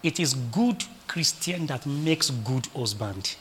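A male pastor preaching a sermon, animated and full of rhetorical questions to his congregation. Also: mid-range voice, takes it slowly, a little hiss or hum.

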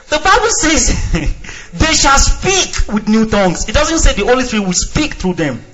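Male pastor, high lively voice, dull lo-fi sound, acts out scenes and shouts. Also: normal speed. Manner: animated, acts out dialogue, shouts and drops to quiet asides. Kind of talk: sermon.

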